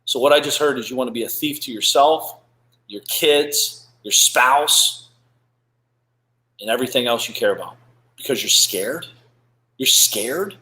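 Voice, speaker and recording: Male host, live business talk, blunt and salty, animated delivery, roomy echo. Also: normal speed. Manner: blunt, profane and animated, with frequent "blah, blah" and "boom". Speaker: podcast host.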